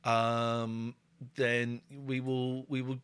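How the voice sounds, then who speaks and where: A man's voice: mid-range voice, completely flat delivery, drawn-out words, fairly bright tone, smooth. A man hosting a casual chat show, joking and talking bluntly with plenty of swearing. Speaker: host.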